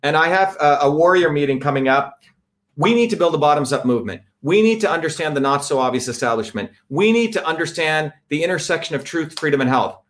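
Emphatic man with a slightly high voice. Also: expressive, fast, fairly bright tone. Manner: emphatic and repetitive, builds with lists. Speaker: speaker addressing a live audience. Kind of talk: impassioned political talk.

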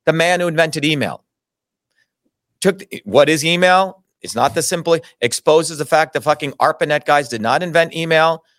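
A man's voice: fairly high pitch, moderate pace, a bit bright, dry recording, studio quality. A middle-aged man telling his own story in an interview, indignant, emphatic and full of swearing. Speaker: interview guest. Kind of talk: heated personal storytelling.

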